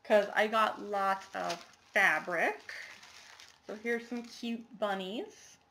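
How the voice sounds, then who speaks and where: A woman's voice: medium pitch, slow, creaky, fairly bright tone, slight background noise. A woman chatting casually to the camera in a show-and-tell video, rambling with lots of fillers and apologies. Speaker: cross-stitch vlogger.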